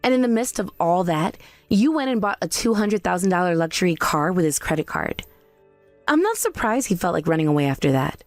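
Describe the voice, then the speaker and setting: A woman's voice: fairly low pitch, sing-song, a little fast, no room sound, faint music behind. A woman voicing a young fiancée who coldly accuses her future mother-in-law. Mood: cutting. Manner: cutting, accusing.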